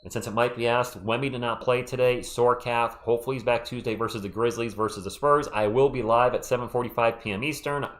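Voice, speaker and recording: A man hosting a casual live play-by-play stream, calling plays and answering chat with an animated delivery while losing his voice. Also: medium pitch. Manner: animated, quick play calls mixed with chat shout-outs.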